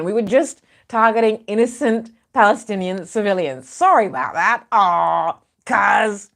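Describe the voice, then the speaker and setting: A woman voicing a flippant, insincere military spokesperson in a sarcastic, sing-song tone, pitched higher than her own voice. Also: natural voice.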